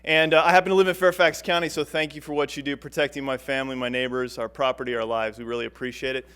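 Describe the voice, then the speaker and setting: A man's voice: medium pitch, little pitch movement, fast, a bit bright, clean tone. A man giving an upbeat, emphatic speech at a press event as a company executive. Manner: upbeat, emphatic, repeats for stress. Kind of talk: public speech at a podium.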